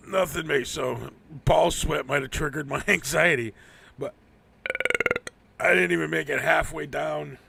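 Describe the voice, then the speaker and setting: A man's voice: fairly high pitch, takes it slowly, vocal fry, long pauses, sharp tone, slight background noise. A man hosting a live stream, rambling through a casual, profane rant and laughing often. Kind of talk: casual ranting monologue.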